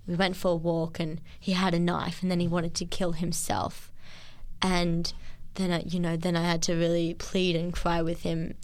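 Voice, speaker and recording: Earnest, halting woman. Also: lowish voice, completely flat delivery, a little mellow. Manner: halting, earnest, many fillers and restarts. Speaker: interviewee. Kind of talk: testimony interview.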